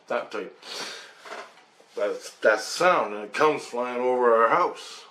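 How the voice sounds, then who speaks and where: A man from Canada telling a personal story in a casual, animated way, mimicking rotor sounds, swearing and laughing as he goes. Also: medium pitch, measured pace, long pauses, faint music behind. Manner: animated, imitates rotor sounds and acts out quoted voices.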